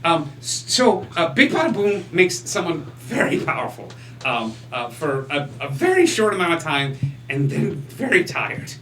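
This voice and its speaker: Man, game master, halting with fillers, slightly high voice, echoey room, faint hum. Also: very animated, a bit bright, recorded from a distance. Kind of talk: narrating a tabletop game.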